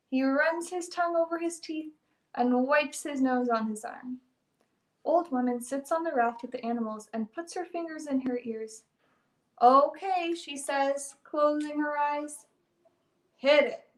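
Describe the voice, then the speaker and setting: A woman reading a picture book aloud as a storyteller, with gentle, deliberate delivery. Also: sits high. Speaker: librarian storyteller. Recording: roomy echo.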